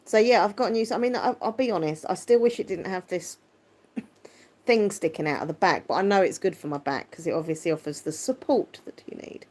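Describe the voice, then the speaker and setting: A woman with a lowish voice hosts a relaxed livestream, reading out viewer comments as she goes. Her tone is squeaky yet deep, and she chats easily and laughs often. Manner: chatty, warm-hearted, quick to laugh. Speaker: livestream host. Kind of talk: casual live chat, reading viewer comments.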